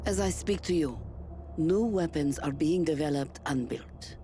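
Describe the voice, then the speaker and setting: Stern game-trailer commander, light Russian accent, measured and grave, low register. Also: female voice. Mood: grave resolute. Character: stern female military commander addressing citizens. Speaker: commander delivering a public statement. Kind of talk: dramatic game-trailer voice acting. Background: loud music.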